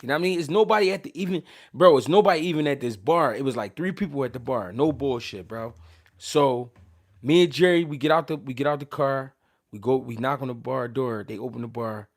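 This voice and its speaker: Mid-range in pitch and a little fast, this show host from Philly rambles through casual stories. His talk is animated, crude, and loaded with slang, with plenty of sentences abandoned and begun again.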